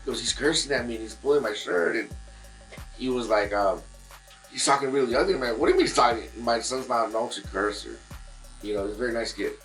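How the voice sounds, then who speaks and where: A man's voice: mid-range voice, expressive, fairly quick, fairly bright tone, faint music behind, rough recording. A man, a guest musician in casual chat in a barbershop, telling a long story with many fillers and restarts.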